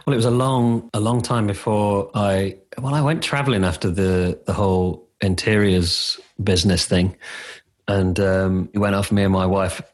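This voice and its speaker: A middle-aged man with a very deep voice and a husky edge. He speaks candidly and with feeling, sometimes laughing at himself as he tells a personal story in conversation. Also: steady tone, normal speed. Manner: candid, emotional, self-deprecating. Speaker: coach.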